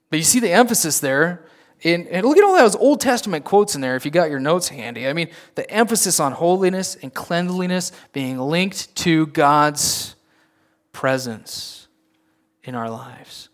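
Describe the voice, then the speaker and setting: A man preaching a sermon in a conversational style, often checking in with the listeners with quick asides. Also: a little high, expressive. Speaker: pastor.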